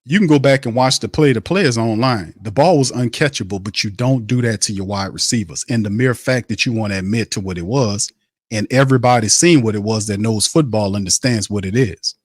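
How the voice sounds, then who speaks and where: A man's voice: lowish voice, brisk, dry recording, clean studio sound. A man hosting a sports podcast, ranting in blunt, profane, repetitive bursts. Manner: fired-up ranting, repeats himself, blunt and profane. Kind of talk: heated sports commentary.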